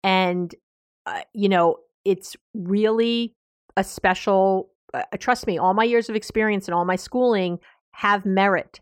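An American woman therapist hosting a podcast, giving animated casual advice, laughing and restarting her sentences. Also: mid-range voice, measured pace, no room sound, clean studio sound. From United States.

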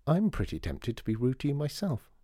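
A man's voice: mid-range voice, huge pitch swings, brisk, husky, no room sound, clean studio sound, voice pushed up. A man putting on a stern older woman. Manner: reproachful, then gentle.

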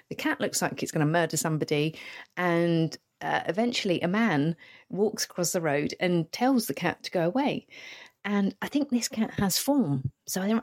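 A woman hosting a casual solo podcast, telling wry, sweary anecdotes and acting out the quotes. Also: medium pitch. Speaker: podcast host.

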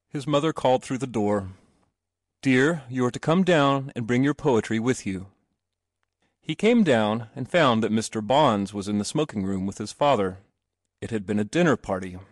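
Expressive male storyteller. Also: medium pitch, no echo, studio quality. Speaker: narrator. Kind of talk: audiobook narration of a classic story.

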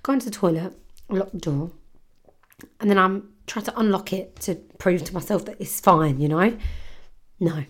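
A woman's voice: lowish voice, moderate pace, long pauses. A young woman, hosting a podcast and telling a story in a casual, chatty way, full of swearing and fillers. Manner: chatty, swears freely, lots of "like". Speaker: podcast host.

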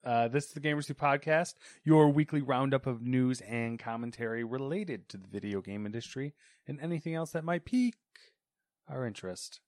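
A man's voice: mid-range voice, moderate pace, darkish tone, no echo. A man hosting a gaming podcast, talking casually in a dry, self-deprecating way that often trails off. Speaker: podcast host.

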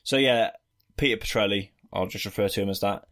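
A man's voice: on the low side, fairly quick, a bit bright. A man co-hosting a podcast, recapping a film in a rambling, joking way with lots of fillers. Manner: rambling, with frequent fillers and jokey asides. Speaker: podcast co-host. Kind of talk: casual film-review chat.

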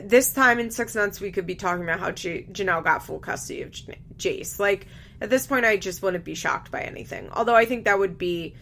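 A woman's voice: lowish voice, vocal fry, pushed and bright. A young woman chatting casually as she recaps a reality show, candid, laughing often and swearing freely. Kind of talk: casual chat.

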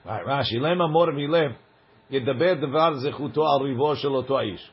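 Male Talmud teacher, husky voice, dull lo-fi recording, reads text then explains it casually. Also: medium pitch, a little fast. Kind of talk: Talmud study class.

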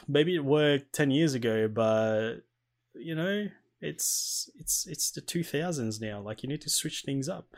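A man in casual gaming chat, relaxed and rambling, laughing easily. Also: mid-range voice.

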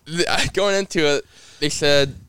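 A man's voice: fairly high pitch, moderate pace, slight background noise. A young man from Indiana, a race car driver, telling stories in a casual podcast interview and acting out the quotes. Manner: lively storyteller who acts out quotes.

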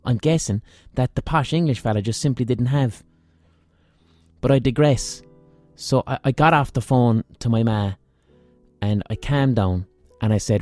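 Irish male podcast host, mellow dark tone, dry close-mic sound with faint music under it; rambling, sweary, self-mocking storyteller. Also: medium pitch, normal speed, no echo. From Ireland. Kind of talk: casual storytelling monologue.

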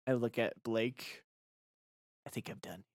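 A man's voice: medium pitch, measured pace, darkish tone, no echo, clean studio sound. A man playing a tabletop game, joking and teasing in casual chat. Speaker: player.

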